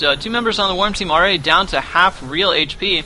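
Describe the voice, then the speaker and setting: A man's voice: high voice, fairly quick, pushed and bright, soft background music. A man doing live play-by-play commentary on a competitive video game, talking loosely with lots of "you know" fillers.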